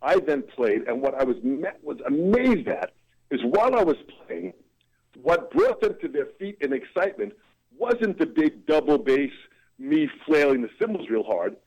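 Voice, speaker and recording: A man's voice: on the high side, lively intonation, normal speed, darkish tone, dull audio. A man, a drummer and motivational speaker, telling a story as a guest in an ebullient, dramatic way. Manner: ebullient, dramatic vocal swings. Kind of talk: animated storytelling in an interview.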